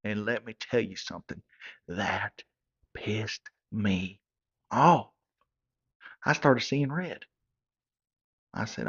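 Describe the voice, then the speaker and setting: Gravelly man spinning a tall tale. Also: medium pitch, takes it slowly, long pauses. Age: 30s. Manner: hillbilly drawl, stumbling repeats. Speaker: comedy character narrator. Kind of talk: rambling comic monologue in character. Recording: dull lo-fi recording.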